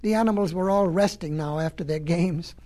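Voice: mid-range voice, brisk, dark tone, a little hiss or hum. A storyteller reading a children's animal tale in a folksy way, with chatty asides to the listener.

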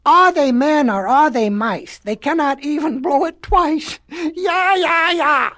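A woman's voice: sits high, normal speed, a little mellow, in a large hall, voice pushed up, close to an everyday voice. A woman voicing two little boy pigs in a storybook reading, taunting them in a sing-song chant. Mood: jeering.

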